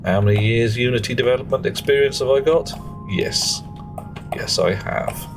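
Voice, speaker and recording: A man's voice: medium pitch, normal speed, music in the background. A British man streaming live, chatting casually with viewers in a cheeky, rambling way that slips into mock rants.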